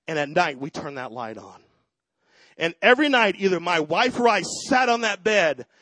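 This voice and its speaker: A middle-aged pastor with a high voice preaches a sermon. He moves from quiet personal storytelling to loud, fervent declarations. The sound is dry, with little room around it. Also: no echo, rough recording.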